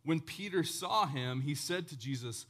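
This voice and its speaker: A man preaching a sermon as pastor, with impassioned swings from loud exclamations to hushed, solemn passages and casual conversational asides. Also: a little high, expressive, normal speed.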